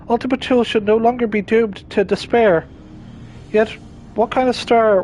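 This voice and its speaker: A man's voice: high-pitched, a little mellow, slight background noise, lightly acted, low-quality recording. A man voicing a precise, formal male machine unit that runs a cafe, reading game dialogue in clipped, clinical phrasing. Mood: grave.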